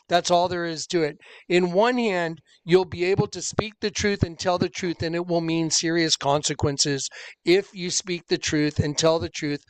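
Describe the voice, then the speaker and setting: A man's voice: sits high, moderate pace, clear, resonant tone. A man recounting a personal story to his viewers as an online preacher, earnest and insistent, acting out the people he quotes. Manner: animated storyteller who acts out the people he quotes. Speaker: online preacher and channel host.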